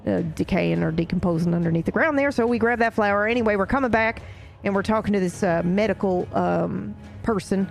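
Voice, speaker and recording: A woman's voice: medium pitch, creaky, a little mellow. A woman recapping events in character during a roleplay session, rambling and swearing casually as she tells the story.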